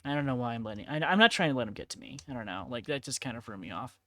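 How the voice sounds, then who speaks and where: A woman's voice: very deep voice, expressive, very fast, sharp tone, no room sound, studio quality. A woman streaming in casual chat while painting miniatures, laid-back, laughing often and swearing freely. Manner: laid-back, giggly and profane.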